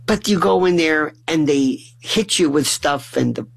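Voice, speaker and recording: A middle-aged man telling funny family stories in a lively way, often stumbling and restarting his words. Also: fairly high pitch, a little slow, gravelly, low-quality recording. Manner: animated, acts out family dialogue in shifting voices. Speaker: storyteller. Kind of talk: humorous personal storytelling monologue.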